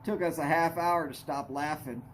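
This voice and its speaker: A man's voice: a little high, steady tone, moderate pace, slight background noise. A middle-aged man hosting a live stream, chatting casually and telling rambling jokes and stories. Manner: rambling, joking storyteller.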